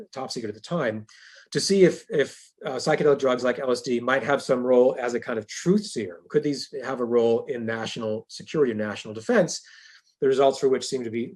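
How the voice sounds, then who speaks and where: A man's voice: medium pitch, a little mellow, breathy edge. A male professor giving a university lecture in a conversational way, with dry humorous asides.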